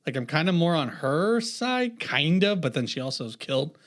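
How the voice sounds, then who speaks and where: A man's voice: on the high side, sing-song, normal speed, a bit bright. A man co-hosting a casual podcast, talking in a laid-back, rambling way. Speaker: podcast co-host. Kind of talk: casual chat.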